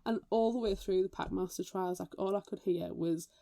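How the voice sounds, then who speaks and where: A woman co-hosts a relaxed book chat with a mellow, warm tone. She tells animated stories, swears casually and slips into impressions of other people. Her voice sounds close and dry. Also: lowish voice, brisk, vocal fry, no echo. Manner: animated, swears freely, mimics voices in anecdotes. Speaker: podcast co-host.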